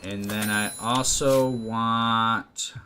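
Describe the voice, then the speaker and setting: Low-voiced man doing game commentary. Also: steady tone, drawn-out words, pushed and bright. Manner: casual, reads game text aloud, wry asides. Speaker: gameplay commentator. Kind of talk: let's play commentary. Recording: faint noise and clicks.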